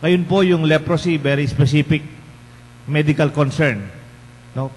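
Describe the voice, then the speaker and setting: This man, a Filipino parish priest, speaks at normal speed with a steady, somewhat high voice and a Filipino accent. His bilingual homily is conversational and full of rhetorical questions for the people in the pews. Recorded in a large church, it carries a long reverb and a faint hum.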